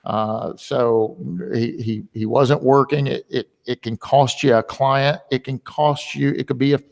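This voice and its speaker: A male webinar host talks in a loose, rambling way, filling his sentences with ums and uhs. His voice sits at an ordinary middle pitch. It carries a long, hall-like reverb. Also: steady tone, measured pace, creaky, a little mellow. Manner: rambling and chatty, with many filler words. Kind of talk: casual webinar talk.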